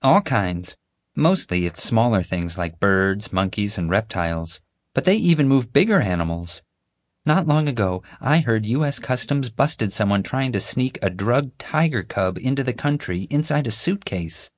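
For an audiobook, a man voices a boy who is an excitable know-it-all about animal trafficking, earnestly lecturing and explaining things grimly. He pitches slightly above his own lowish voice, staying close to an everyday sound, with lively intonation at a moderate pace. The studio-quality recording has no room sound.

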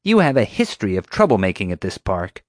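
A man's voice: on the low side, wildly swooping pitch, fast, no echo, studio quality. A man voicing a bossy, sneering female park security officer who snaps and accuses. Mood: snapping. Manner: snapping, accusing, sarcastic.

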